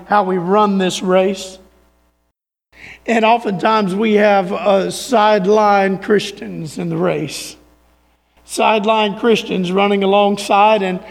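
A man preaching a sermon as a pastor, rising to emphatic points and dropping to quiet, low asides. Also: creaky, in a large hall. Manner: preaching with swings from raised emphasis to quiet near-murmur.

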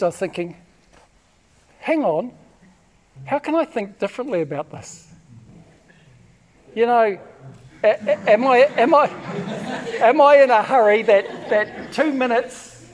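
A man preaching a sermon, telling personal stories in an animated way, acting out shouts and often repeating words. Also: extremely high pitch, moderate pace. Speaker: pastor.

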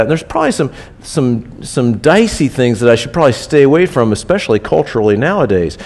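A man's voice: medium pitch, very animated, fairly quick, few pauses, a little mellow. A man preaching a sermon in a casual, conversational way, repeating key phrases for emphasis. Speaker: pastor. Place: church.

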